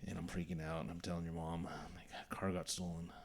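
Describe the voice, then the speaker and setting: A man's voice: sits low, flat delivery, a little fast, gravelly, slight background noise. A young man hosting a podcast, telling a story casually and acting out the voices of the people in it. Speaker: podcast host.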